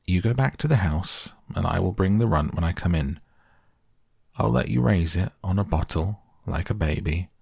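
A man voicing a farmer father who speaks firmly but gently. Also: deep voice, normal speed, creaky, breathy edge, no echo, studio quality, heavily acted. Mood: gentle. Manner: firm, calm.

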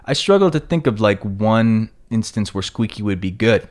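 A man's voice: on the low side, animated, moderate pace, a little mellow. A man with a New York accent hosting a casual solo podcast, rambling along with plenty of fillers and self-corrections. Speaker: podcast host.

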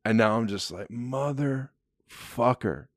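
A man's voice: fairly low pitch, measured pace, no room sound, clean studio sound. A young man casually telling a story, laid-back, swearing freely and laughing often.

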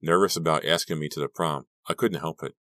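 A man with an extremely deep voice reads a first-person teen horror story. His delivery is steady and measured. The mic is close and the room is dead dry. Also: dry recording. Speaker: audiobook reader. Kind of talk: scripted first-person narration.

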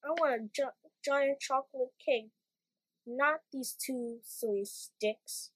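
A woman's voice: medium pitch, expressive, slow, darkish tone, breathy edge, poor audio. A woman voicing a whiny, pouting little boy with a broken leg in a storybook. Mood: sulky.

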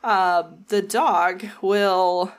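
Speaking extremely slowly, with medium pitch and fairly even intonation, a woman from the American South co-hosts a casual podcast over slight background noise. Her manner is wry and playful as she jokes her way through her researched notes.

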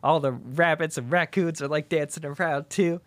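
A man in his thirties casually pitching a movie plot, acting out the characters' lines as he goes. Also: dry recording. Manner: animated storytelling, quick quoted voices. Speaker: podcast co-host pitching a movie idea. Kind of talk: casual chat, acting out scenes.

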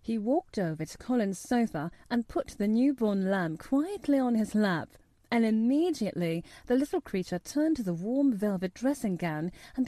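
Woman reading a kids storybook aloud, lively sing-song tone, warm mellow voice. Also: on the high side, no echo. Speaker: narrator. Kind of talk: storybook narration.

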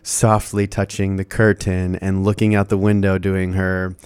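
A young man co-hosting a podcast, explaining in a relaxed way how a reality dating show is made. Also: deep voice, measured pace, smooth, no room sound. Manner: explains behind-the-scenes details in a relaxed way. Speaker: podcast co-host. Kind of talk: casual chat recapping a reality dating show.

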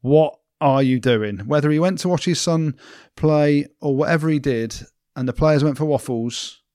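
A man's voice: a little high, normal speed, dark tone, no echo, studio quality. A man co-hosting a casual rugby podcast, joking and blunt. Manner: jokey, mock-French asides, blunt. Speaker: podcast co-host.

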